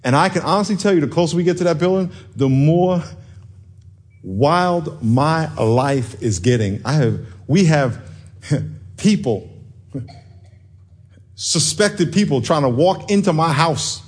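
A man preaching a sermon as pastor, moving from quiet talk up to loud yelling, with laughs between lines. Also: on the high side, animated, unhurried, pauses often, breathy edge.

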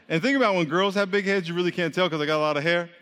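A man preaching a sermon to his congregation in a casual, conversational way, joking with the crowd and swinging between quiet and loud. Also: sits high, fast, clear, resonant tone. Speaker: pastor. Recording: long hall reverb.

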